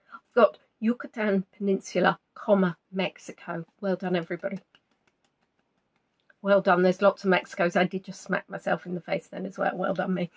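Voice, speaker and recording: Here a woman hosts a live online quiz, bantering with the players and poking fun at them. When she reads out their names and answers, her pitch rises and falls dramatically.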